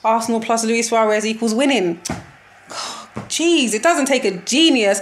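A woman's voice: a little high, normal speed, slight background noise. Young woman ranting casually about football. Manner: animated, laughing, slangy and exasperated. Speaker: football vlogger reacting to a match. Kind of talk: casual match reaction chat.

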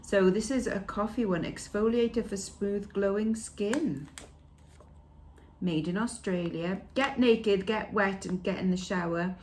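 A woman talks through a beauty box in a chatty, relaxed way, reading labels aloud and filling gaps with "um" and "like." Her voice sits at a mid pitch, with a faint hiss of noise behind it. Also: unhurried. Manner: chatty, reads product labels aloud with fillers. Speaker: beauty vlogger. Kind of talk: casual unboxing chat.

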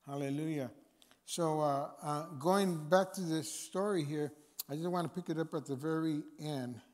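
A man's voice: on the high side, normal speed, darkish tone. A man speaking as a guest chaplain, preaching informally to a men's meeting with repeated phrases and fillers. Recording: long reverb of a hall.

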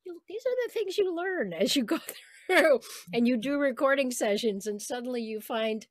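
A woman's voice: high voice, expressive, normal speed, no room sound, clean studio sound. An older woman, a voice actress as interview guest, telling stories in a reflective, chatty way with small laughs. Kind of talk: casual interview chat.

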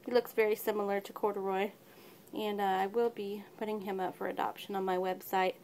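A woman's voice: medium pitch, flat delivery, fairly quick, a little mellow, a little hiss or hum. A woman who breeds cats, chatting casually in a home video and slipping into baby talk with her kitten. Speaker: cat breeder. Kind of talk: casual pet video chat.

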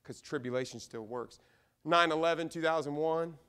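A man with a Midwestern American accent preaching a sermon in a church, swinging from loud, emphatic repeated lines to hushed asides. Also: on the high side, normal speed, clean tone. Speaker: pastor. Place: church sanctuary.

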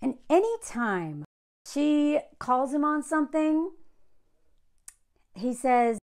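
A woman's voice: high voice, expressive, slow pace, noisy background. A woman from the American South giving casual reaction commentary on a dating show, chatty and sarcastic. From Southern United States. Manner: chatty, sarcastic, mocks others in put-on quotes.

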